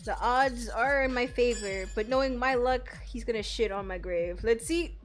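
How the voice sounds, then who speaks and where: Young woman streamer, slightly high voice, unhurried gameplay chatter with sudden yelps, faint game music. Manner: playful, swinging from loud outbursts to quiet mumbling. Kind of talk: casual gameplay commentary.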